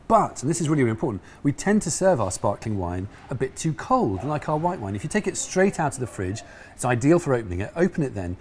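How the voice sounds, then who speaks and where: A man's voice: medium pitch, a little mellow, a little hiss or hum. A man co-hosting a wine tasting in a shop, joking and teasing his co-host. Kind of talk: casual demo chat.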